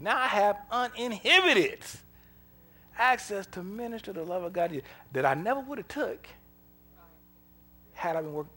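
A male preacher with a bright, forceful voice that sits a touch high for a man. His pitch swings widely as he tells stories in a folksy, conversational way, acting out the dialogue and laughing along. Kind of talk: sermon with storytelling.

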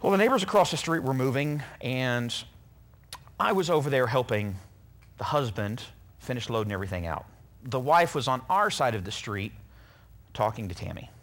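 A man's voice: mid-range voice, moderate pace. A middle-aged man preaching a sermon, telling personal stories in an earnest way and acting out what people said. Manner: earnest, animated storyteller who acts out quotes.

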